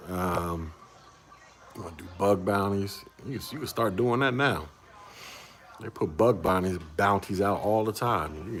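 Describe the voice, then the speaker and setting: A man's voice: lowish voice, fairly bright tone, a little hiss or hum. A man in his forties, a livestream host, chatting casually with viewers in a laid-back way and laughing often. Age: 40s.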